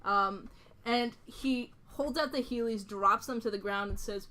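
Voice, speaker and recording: A woman's voice: on the high side, a little slow, sharp tone. A woman narrating as game master of a tabletop game, casual, full of fillers, swearing and laughing.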